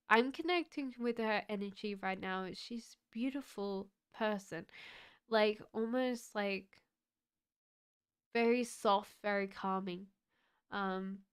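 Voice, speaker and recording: A woman giving a live-streamed tarot card reading, speaking gently and haltingly with many fillers. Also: mid-range voice, clear, resonant tone. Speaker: tarot reader.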